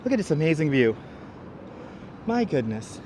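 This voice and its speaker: Man, fairly high voice, chatty livestream host, outdoors, clip-on mic, faint city traffic behind. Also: very animated, normal speed, dark tone. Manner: chatty, laughs often, greets viewers by name. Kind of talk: casual live-stream walking tour. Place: outdoors on an elevated city park walkway. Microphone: wireless clip-on mic.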